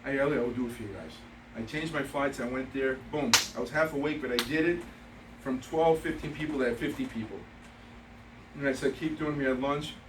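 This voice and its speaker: A man's voice: medium pitch, brisk, background noise. A man giving a motivational seminar talk to trainees, emphatic and repetitive, telling stories with quoted dialogue. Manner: emphatic, repeats key points. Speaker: speaker training insurance agents. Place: meeting room with live audience. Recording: echoey room, mic from a distance.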